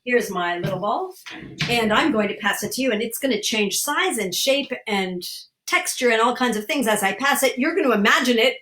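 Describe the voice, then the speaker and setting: A woman's voice: fairly high pitch, animated, moderate pace, a bit bright, slight background noise. An older woman leading a guided online laughter exercise, cheerfully coaching listeners through each step. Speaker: laughter instructor.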